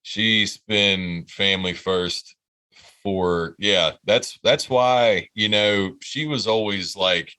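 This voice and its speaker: Podcast co-host, male, 30s: low and forceful voice, rambling profane storytelling. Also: slow, clean tone. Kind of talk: casual storytelling chat.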